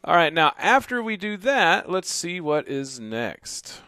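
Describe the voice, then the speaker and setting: A man teaching drums, calling out bass, snare and crash hits as he plays, then explaining in a relaxed, casual way in a drum studio. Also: slow pace. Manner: calls out drum parts loudly, then explains in a quieter casual voice. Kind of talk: demonstrating beats while counting aloud. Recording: loud drums over the voice. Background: drum kit playing.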